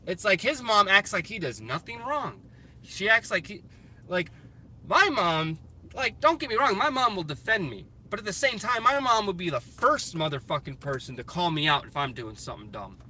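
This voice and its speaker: A man's voice: high-pitched, sing-song, normal speed. A man venting in a casual vlog, swearing freely and restarting his sentences as he rants in frustration while in a car. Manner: profane, frustrated ranting with many restarts. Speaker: vlogger. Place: in a car in traffic. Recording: loud road and traffic noise.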